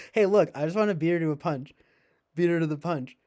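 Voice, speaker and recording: A man's voice: a little high, a little mellow. A man rambling to his viewers in casual chat, sarcastic, swearing and laughing often. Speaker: streamer.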